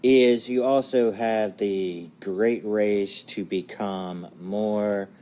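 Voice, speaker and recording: A man co-hosting a casual talk show, giving measured opinions with hedges. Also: fairly low pitch, fairly even intonation, dark tone. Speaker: podcast co-host. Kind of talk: casual chat.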